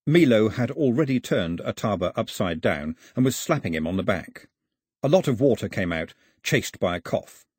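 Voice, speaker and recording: Husky, expressive male storyteller. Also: on the low side, moderate pace, no room sound, clean studio sound. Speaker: narrator. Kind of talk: audiobook narration.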